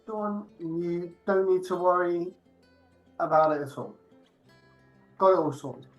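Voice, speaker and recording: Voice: medium pitch, takes it slowly, dull audio, faint music behind. A player in a tabletop game, talking casually and reassuringly.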